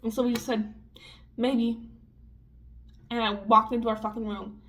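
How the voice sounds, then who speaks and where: A young woman telling a story in a casual vlog, talking fast and loose with lots of swearing and filler words. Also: a little high, little pitch movement, fairly bright tone. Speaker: vlogger. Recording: dull lo-fi audio with faint music.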